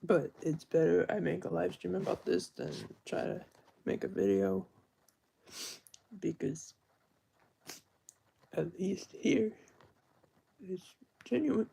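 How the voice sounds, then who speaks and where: Young male streamer, very gravelly and husky, earnest and rambling in an unscripted live-stream talk. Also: high voice, big pitch swings, slow, pauses often, mellow. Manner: earnest, rambling, self-correcting.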